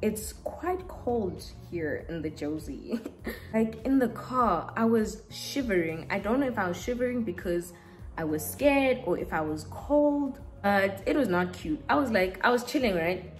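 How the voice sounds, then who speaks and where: A woman's voice: medium pitch, a little slow, soft background music. Chatty young woman. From South Africa. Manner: chatty and animated, acts out quotes. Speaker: beauty vlogger. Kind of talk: casual storytelling chat.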